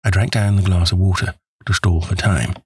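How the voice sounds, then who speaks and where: A man narrating an audiobook in the first person, measured and wry. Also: sits low, steady tone, husky, dry recording.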